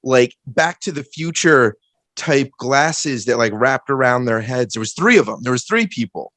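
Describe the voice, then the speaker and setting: Male co-host, mid-pitched voice, wry teasing banter, dry close sound. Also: expressive, moderate pace, fairly bright tone, no room sound. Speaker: podcast co-host. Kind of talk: casual chat.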